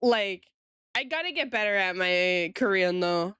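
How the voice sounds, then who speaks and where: A woman's voice: mid-range voice, expressive, unhurried, fairly bright tone, smooth, dry recording, studio quality. A woman streamer chatting casually with her viewers while she draws, giggling often and talking straight to chat.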